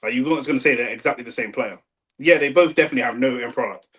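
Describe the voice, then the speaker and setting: A young man with a London accent, talking slangy and excitable over a live football match and arguing with his chat. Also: mid-range voice, very fast. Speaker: watch-along streamer. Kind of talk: live football watch-along commentary.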